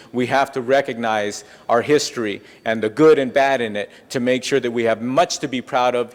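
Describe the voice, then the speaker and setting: A man on a city council giving an earnest, measured speech with frequent fillers, in a large council chamber. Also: mid-range voice. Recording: long reverb of a council chamber.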